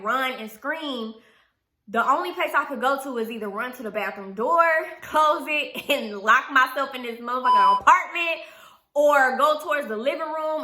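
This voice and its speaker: A young adult woman telling a story to her viewers in an animated, profane way, often turning to the audience. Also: sits high, echoey room. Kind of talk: casual storytime.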